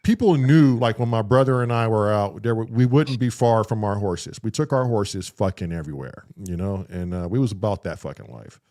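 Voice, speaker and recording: Talking briskly with hardly any pauses, a man with a fairly low voice spins a long story as a podcast co-host in casual conversation. He swears freely and animatedly acts out his own reactions in quotes.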